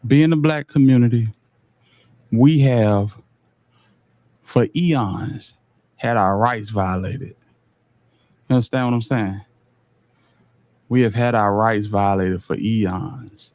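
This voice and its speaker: A man's voice: lowish voice, takes it slowly, pauses often, a little mellow, dry recording. A man hosting a livestream, talking to his chat in a laid-back way. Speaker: livestream host.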